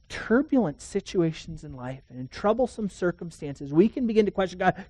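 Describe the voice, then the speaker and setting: A man preaching a sermon, telling stories earnestly, swinging between emphatic declarations and hushed, quiet passages. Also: high voice, lively intonation, moderate pace, few pauses, no room sound. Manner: earnest storytelling with emphatic rises and hushed drops.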